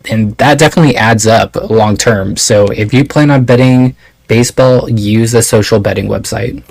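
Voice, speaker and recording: Male betting contributor, low voice, measured advice, dry sound. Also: creaky, a little mellow, no room sound, rough recording.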